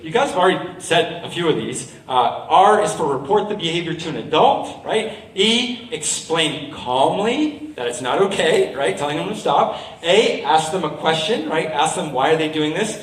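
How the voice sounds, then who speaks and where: Man, school performer, high voice, upbeat, echoey hall heard from a distance. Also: lively intonation, moderate pace. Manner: upbeat, quizzes the crowd, acts out quoted lines. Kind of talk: talking to a school audience.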